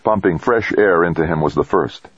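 A man voicing a steady, practical male astronaut who talks in short, terse phrases. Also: low-pitched, normal speed, slightly rough, no room sound, highs cut off.

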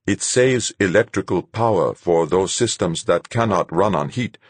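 A man's voice: sits low, lively intonation, normal speed, no room sound, voice pushed up. A cheerful, eager young crewman, earnest and grateful in tone, as a male narrator puts him on. The voice is lifted above the narrator's own, with a slight huskiness. It sounds close and dry.

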